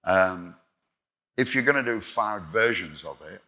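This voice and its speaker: An older English man, a guest musician, spins lively stories of past recording sessions and acts out each back-and-forth himself. His voice sits very low but comes across bright and forceful. He swears freely as he tells them. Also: measured pace. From England. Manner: animated anecdotes, acting out quoted exchanges, swears freely. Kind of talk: storytelling in a live interview.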